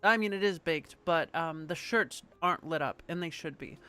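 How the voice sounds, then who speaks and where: A woman's voice: low voice, normal speed, pushed and bright. A woman streamer in casual live-stream chat, rambling and chatty, swearing now and then.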